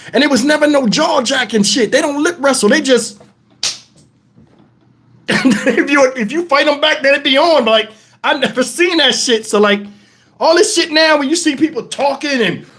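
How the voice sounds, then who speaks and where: Profane, animated storytelling man. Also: very high-pitched, slightly rough. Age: adult, twenties long past. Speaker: livestream host. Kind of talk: casual storytelling on a livestream.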